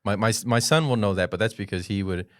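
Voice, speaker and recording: Man, podcast co-host, animated casual storytelling, fairly low voice, dry room. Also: fast, no echo. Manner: animated storyteller who jumps high when quoting people. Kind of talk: casual chat.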